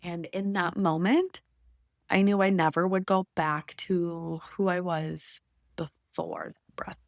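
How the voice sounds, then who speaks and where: Young woman podcast host, gravelly low voice, dry close sound, confessional and emotional. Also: steady tone, slow, no echo. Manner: emotional, intimate, drops to whispers at times. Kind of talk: personal storytelling.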